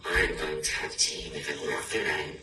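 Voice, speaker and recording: A man's voice: very deep voice, steady tone, moderate pace, sharp tone, full character voice. A man voicing a small, clever, bluffing mouse in a picture-book reading, in a playful sing-song voice. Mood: cheeky. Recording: echoey room, distant mic, noisy.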